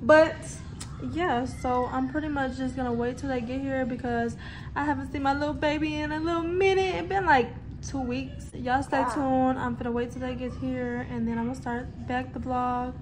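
Woman vlogger at home, high bright voice, excitable cooing chatter to the kids, handheld camera with clear background noise. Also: normal speed. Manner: excitable, cooing baby talk to children. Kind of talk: casual home vlog. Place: at home, indoors.

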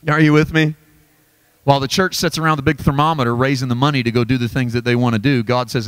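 A pastor delivers a Bible study sermon in an emphatic, folksy way, poking fun at himself between points. His voice swings from quiet low asides up to high, excited exclamations. The sound is dry and close, with little room echo. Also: fast talker, clear, resonant tone. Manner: folksy, self-deprecating humor. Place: church.

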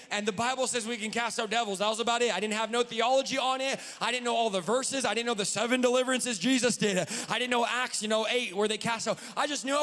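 A man preaching a sermon from the pulpit in a church, fervent and often shouting. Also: extremely high pitch. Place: church sanctuary. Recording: long hall reverb.

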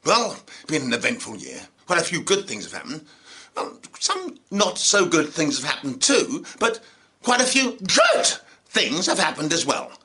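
A man hosting his own channel as an actor, giving a theatrical greeting in a hammy, drawn-out, sing-song manner and reciting rhyming verse. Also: a little high, wildly swooping pitch, pushed and bright.

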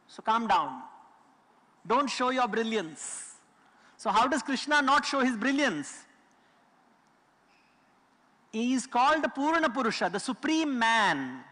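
A man's voice: extremely high pitch, sharp tone. A man giving a lecture, explaining with stories and emphatic repetition. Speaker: public speaker. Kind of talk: lecture talk. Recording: long hall reverb.

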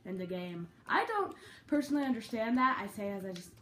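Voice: mid-range voice, big pitch swings, brisk, fairly bright tone, reverberant, distant mic, a little hiss or hum. A gaming channel host giving casual, teasing commentary over a match, yelping at game events.

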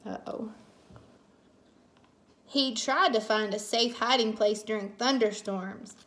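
With a slightly high voice and an unhurried pace, a woman teacher tells a bedtime story from a children's picture book. She reads warmly and expressively, voicing the characters.

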